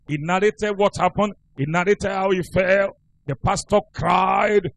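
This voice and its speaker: A male pastor preaches, telling a moral story with emphatic, earnest delivery. His voice sits high for a man. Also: unhurried, vocal fry, a bit bright, low-quality recording. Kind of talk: sermon.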